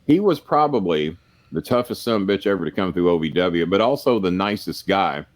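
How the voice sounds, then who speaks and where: An older man with a very low voice tells long stories in a loose, profane, plain-spoken way. He rambles with many fillers and restarts. He is a guest on a podcast. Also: expressive, fairly quick. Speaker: podcast guest, former wrestling manager. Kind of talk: casual storytelling.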